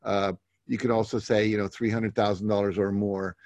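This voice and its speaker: A man leading a live goal-setting workshop. He reads out participants' goals and comments on each in a relaxed, conversational way with many fillers. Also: on the low side, normal speed, dry recording.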